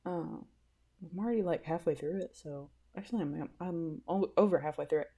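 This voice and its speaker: A woman hosting a casual solo podcast, rambling and giggly, often bursting with excitement. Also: on the low side, fairly quick, husky. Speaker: podcast host.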